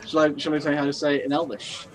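A man playing a tabletop role-playing game, deadpan with stammered punchlines. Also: fairly high pitch, rapid-fire.

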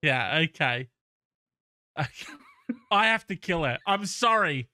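High, very bright animated male podcaster. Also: slow pace, no echo, studio quality. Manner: animated, swearing, acts out quotes. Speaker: podcast co-host. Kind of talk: casual podcast banter.

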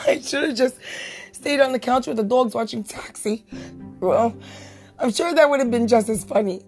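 A woman's voice: on the high side, moderate pace, darkish tone, faint music behind. A woman hosting her own podcast late at night, sleepless and chatting casually while she keeps breaking into helpless giggles. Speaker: podcast host. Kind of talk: solo podcast chat.

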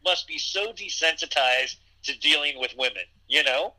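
A man's voice: fairly high pitch, normal speed, sharp tone, low-quality recording. A man hosting a podcast, chatting casually and rambling with lots of fillers and restarts. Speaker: podcast host. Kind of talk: casual chat.

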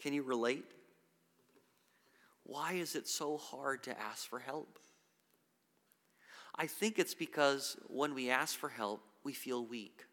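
A man's voice: medium pitch, slow, pauses often, fairly bright tone. A man preaching a sermon as pastor, earnest, with frequent restarts and repeated words. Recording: long hall reverb.

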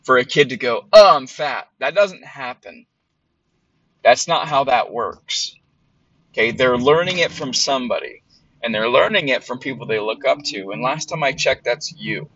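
A man talks through his podcast in a loose, rambling monologue, blunt and full of fillers and the odd curse. His voice is bright and forward. The recording is a little dull and lo-fi. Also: medium pitch, normal speed, husky. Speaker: podcast host. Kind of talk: casual monologue.

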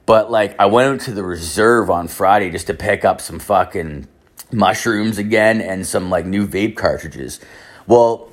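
A man's voice: lowish voice, a little slow. A man in his thirties telling a rambling, exasperated story, swearing constantly. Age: 30s. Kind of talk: profane comic storytelling rant.

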